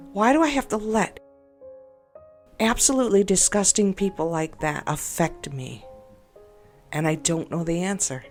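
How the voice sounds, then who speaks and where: A woman talks through a frustrating encounter in a loose, rambling monologue. She sounds upset and exasperated and keeps doubting herself. Quiet music plays underneath. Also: fairly low pitch. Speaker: game video creator. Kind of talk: personal venting monologue. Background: faint background music.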